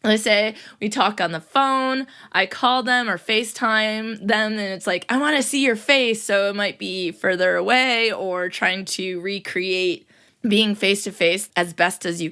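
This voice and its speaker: A woman's voice: medium pitch, unhurried, bright, forceful tone, clean tone. A young adult woman hosting a casual solo podcast as a teacher, upbeat and playful, often laughing and putting on quoted voices. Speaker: podcast host.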